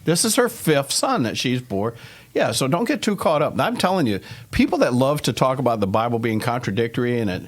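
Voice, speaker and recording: A man hosts a casual Bible study chat in a voice of ordinary middle pitch. He keeps things jokey and laughs often as he works through the passage. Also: big pitch swings, brisk. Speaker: ministry show host.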